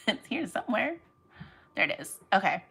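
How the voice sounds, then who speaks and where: A woman's voice: medium pitch, big pitch swings, moderate pace, fairly bright tone, husky, rough recording. A woman hosting a casual livestream as she packs orders, chatting and rambling off on tangents while talking to her viewers by name. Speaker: online reseller livestream host.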